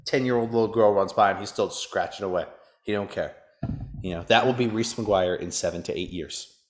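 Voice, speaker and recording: A man with a fairly low voice hosts a casual podcast. He rants and jokes crudely about the news of the day. His tone stays loose and unscripted. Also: brisk. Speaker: podcast host.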